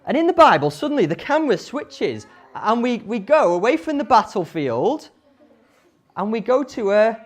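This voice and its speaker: A woman tells a Bible story to children with animated energy and frequent questions to her listeners. Her pitch moves widely and expressively. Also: moderate pace. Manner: animated, asks the audience questions.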